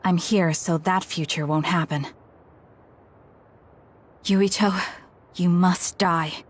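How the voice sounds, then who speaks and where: A woman's voice: on the low side, steady tone, takes it slowly. A grimly resolute young woman. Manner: tense, resolute, urgent. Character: driven young woman set on a grim duty.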